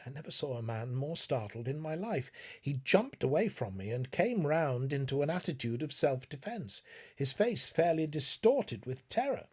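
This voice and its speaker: A man reading a classic story aloud in a measured, expressive narration. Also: a little high, husky. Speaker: audiobook reader.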